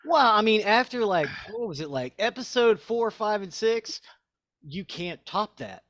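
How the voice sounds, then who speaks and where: A man co-hosting a podcast, his voice moving lively up and down as he reacts. He talks in an easy, casual way, recorded dry and close. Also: sits high, a little slow, no room sound. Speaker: podcast co-host. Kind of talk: casual chat.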